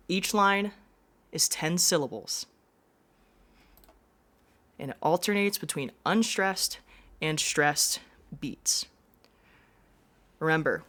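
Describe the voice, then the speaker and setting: A woman's voice: low-pitched, a bit bright. A woman teacher giving a classroom lesson, explaining step by step with frequent reminders.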